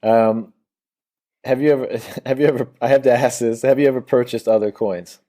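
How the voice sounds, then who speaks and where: A man hosting a casual interview, asking loose, halting questions. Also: mid-range voice, fairly even intonation, mellow. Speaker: podcast host.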